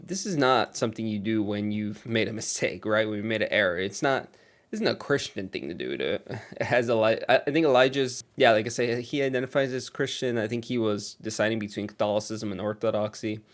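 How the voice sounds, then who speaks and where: A man's voice: fairly low pitch, brisk. A man doing casual commentary on online drama, sarcastic and gossipy, with chuckles.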